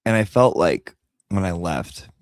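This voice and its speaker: A man's voice: low-pitched, lively intonation, unhurried, no room sound, clean studio sound. A man telling a personal story casually, candid and emotional, repeating himself and swearing now and then. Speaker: vlogger and pet owner.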